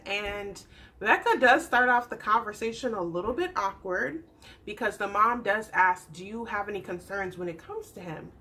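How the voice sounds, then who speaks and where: A young adult woman chatting through a casual TV recap, animated and acting out the people she describes. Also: a little high. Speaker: YouTube TV recap host.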